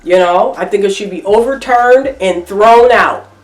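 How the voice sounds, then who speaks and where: Slow-talking indignant woman, echoey room. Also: medium pitch, recorded from a distance, faint music behind. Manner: emphatic, repetitive, indignant commentary. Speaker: reaction vlogger. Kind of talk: opinion commentary vlog.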